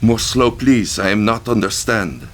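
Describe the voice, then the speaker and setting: A man's voice: fairly low pitch, measured pace, pitched above the performer's own voice. A man voicing a blunt young woman with a French and Vietnamese accent, speaking short broken English. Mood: curt.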